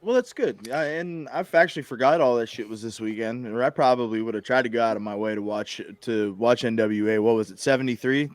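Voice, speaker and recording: A man's voice: medium pitch, a little fast, few pauses, no room sound. A laid-back, wry man hosting a casual wrestling podcast while sick with a cold. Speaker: podcast host. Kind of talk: casual chat.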